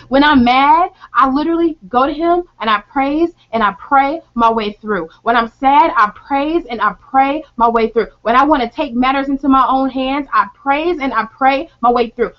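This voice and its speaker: A woman talking casually and earnestly about her faith at home, repeating phrases and slipping into spoken prayer. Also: sits high. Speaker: faith vlogger. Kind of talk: casual faith talk to camera. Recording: dull lo-fi home recording.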